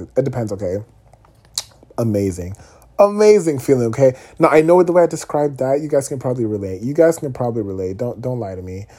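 A young man talking casually to his viewers, candid and animated, often checking in with "okay?" asides. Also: medium pitch, slightly rough. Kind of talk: casual vlog monologue.

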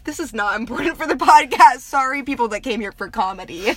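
A woman's voice: fairly high pitch, animated, a little fast, a crowd in the background. A young woman co-hosting a casual podcast from a parked car, rambling and giggling as she jumps between topics. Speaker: podcast co-host. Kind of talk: casual chat.

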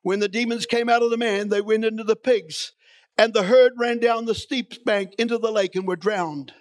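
A man's voice: high voice, steady tone, moderate pace, dry recording. A man preaching a sermon in a church, reading scripture and building to emphatic, repeated declarations.

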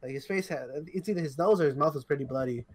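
A man's voice: on the high side, quick pace, a little mellow. A tired young man co-hosting a podcast, telling a rambling, profane story in casual chat with lots of restarts. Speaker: podcast co-host.

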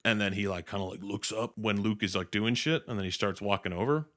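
A man's voice: fairly low pitch, brisk, a bit bright. A young man casually recapping a film, swearing and acting out the characters' lines in funny voices. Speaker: podcast host recapping a film. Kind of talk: casual chat.

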